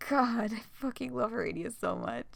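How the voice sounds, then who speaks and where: A woman's voice: on the high side, expressive, normal speed, vocal fry, no room sound. A young woman live-streaming a read-aloud of a fan story, swearing, laughing and gushing between passages.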